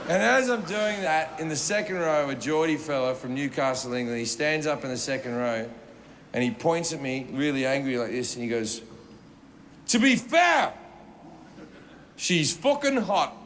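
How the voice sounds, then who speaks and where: A man telling a stand-up comedy story in an animated, profane way, acting out the scenes. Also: mid-range voice, brisk, background noise.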